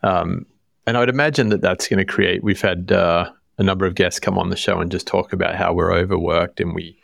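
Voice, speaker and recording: Deep gravelly-voiced male podcast host. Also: fairly even intonation, a little fast, fairly bright tone, dry recording, studio quality. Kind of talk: casual interview talk.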